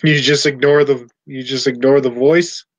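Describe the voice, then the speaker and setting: A man narrating a tabletop game as game master, in a halting way, searching for words mid-sentence. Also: medium pitch, steady tone, highs cut off.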